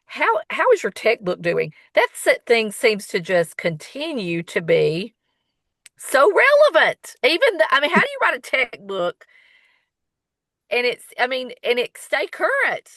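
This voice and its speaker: A woman co-hosting a podcast, appreciative and curious, asking questions with quick stammered restarts. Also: fairly high pitch, sing-song, a bit bright, no echo. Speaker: podcast co-host. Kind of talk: casual interview chat.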